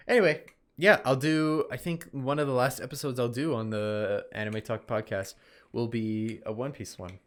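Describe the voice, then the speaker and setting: A man's voice: mid-range voice, fairly even intonation, normal speed, a bit bright. A young man hosting a casual solo podcast, giving a rambling, self-correcting review while tired and yawning. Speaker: podcast host reviewing anime.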